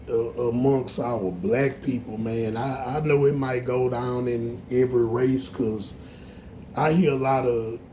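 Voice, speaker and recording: A man runs an auto shop and speaks his mind straight to camera. His voice sits a little high and has a gravelly edge. He is blunt, curses freely and preaches as he gets heated. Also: a little hiss or hum. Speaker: auto shop owner and mechanic. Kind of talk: morning talk to camera.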